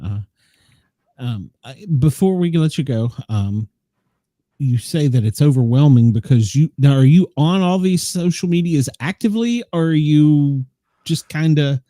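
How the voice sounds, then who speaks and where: Mellow-voiced male podcast host. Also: a little high, expressive, unhurried, dry recording, studio quality. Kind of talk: casual interview.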